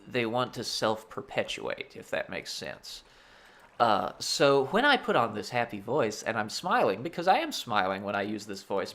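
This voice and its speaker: A man's voice: fairly low pitch, gravelly, a bit bright. Congested man talking candidly. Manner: reflective, halting with fillers. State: congested and ill. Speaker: gaming channel host. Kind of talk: candid personal talk while playing.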